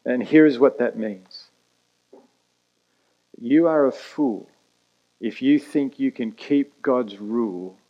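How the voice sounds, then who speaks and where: A man preaching a sermon as pastor, emphatic and pausing for effect. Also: mid-range voice, a little mellow, lo-fi sound. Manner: emphatic preaching with dramatic pauses and quick asides.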